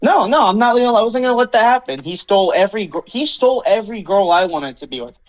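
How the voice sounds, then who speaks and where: A man's voice: sits high, fast talker, lo-fi sound. A young man hosting a casual podcast, ranting with lots of swearing and acting out what others said. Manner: animated swearing rant, acts out quotes. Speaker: podcast host. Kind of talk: casual chat.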